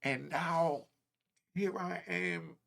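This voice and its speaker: A man's voice: on the high side, extremely slow, gravelly, a bit bright. A man in his fifties telling a raw, emotional personal story in casual street slang, close to tears. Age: 50s.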